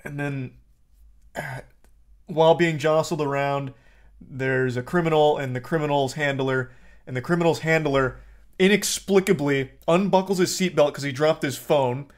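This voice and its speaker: Blunt ranting male streamer. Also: on the high side. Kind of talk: casual movie rant to a live chat.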